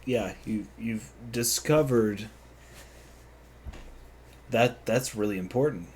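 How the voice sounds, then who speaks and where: A man hosting a casual podcast conversation, who teases his guest and mostly interjects softly in agreement. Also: on the low side, a little hiss or hum. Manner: teasing, quiet interjections, drawn-out agreement. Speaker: podcast host.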